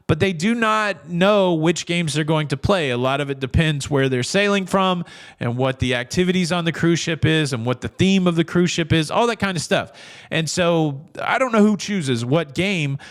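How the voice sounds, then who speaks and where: A man's voice: a little high, moderate pace. A middle-aged man hosting a casual cruise news show, chatting in a rambling way with jokey asides and frequent restarts. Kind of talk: casual commentary.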